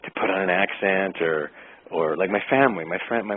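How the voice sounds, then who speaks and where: A man, an actor, answering interview questions in an easygoing way, pausing often with fillers to find his words. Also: deep voice, slightly rough. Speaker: actor guest. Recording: tinny phone-like line.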